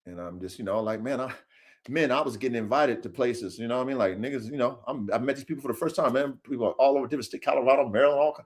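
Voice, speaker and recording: A man hosting a podcast, giving a profane, preachy motivational monologue that swings from low mutters to shouts. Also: lively intonation, very fast. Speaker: podcast host.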